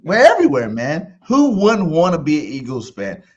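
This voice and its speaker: A man hosting a sports podcast, chatting casually and getting loud and hyped at times. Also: fairly high pitch, wildly swooping pitch, normal speed, lo-fi sound. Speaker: host.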